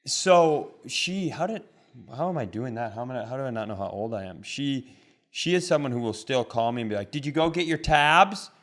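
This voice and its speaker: A man's voice: mid-range voice, fairly quick. Laughing man in his forties. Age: 40s. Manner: laughs often, animated voices in anecdotes. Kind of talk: casual comedic storytelling.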